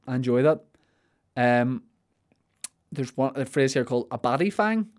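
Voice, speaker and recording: A man's voice: medium pitch, lively intonation, measured pace, pauses often, a little mellow. A man, a comedian riffing playfully through a podcast monologue with plenty of swearing.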